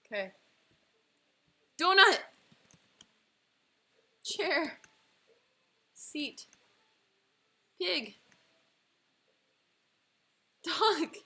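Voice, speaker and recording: A young woman chatting casually on a livestream, excitable and quick to laugh at herself. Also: fairly high pitch. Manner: excitable, laughing often, self-deprecating groans. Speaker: illustrator streaming live. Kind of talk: casual livestream chat while playing a drawing game.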